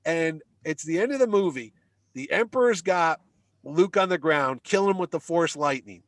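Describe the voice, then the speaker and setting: A man's voice: on the high side, normal speed, no echo. A middle-aged man telling a long story in casual podcast chat, humming music cues and acting out the crowd. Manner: animated storyteller, hums movie music, acts out crowd shouts.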